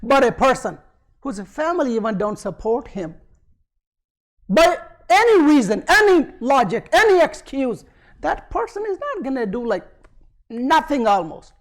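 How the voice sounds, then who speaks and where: A man's voice: very high voice, big pitch swings, unhurried. Man preaching, quoting Arabic then explaining. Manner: quotes Arabic passages then explains in English; asks the audience questions and answers them himself. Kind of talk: sermon. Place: community centre hall.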